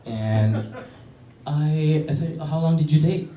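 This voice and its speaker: Man in his thirties, stand-up comedian, animated storyteller, roomy club sound, distant from the mic. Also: a little high, takes it slowly, a little hiss or hum. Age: 30s. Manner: animated storytelling, acting out both sides of conversations. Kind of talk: stand-up set. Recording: roomy, from off-mic, faint crowd. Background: audience laughter.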